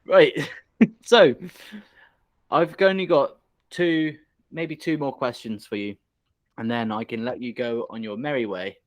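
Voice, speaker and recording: UK male podcast host, casual banter and frequent laughs; mid-pitched voice, dry close sound. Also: unhurried, pauses often, no echo. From United Kingdom. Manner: laughs often, banters, swears.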